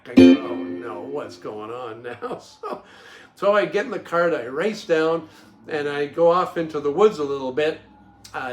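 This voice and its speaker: A man casually telling a personal anecdote, acting out other people's voices and laughing at himself. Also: a little high. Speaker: host telling a personal story. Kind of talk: casual storytelling.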